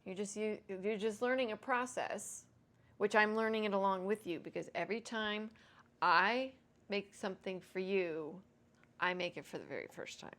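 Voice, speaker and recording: A woman's voice: mid-range voice, normal speed, fairly bright tone, slight background noise. A woman hosting a home cooking vlog, chatting casually and self-deprecatingly to viewers as she cooks. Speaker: home cooking show host.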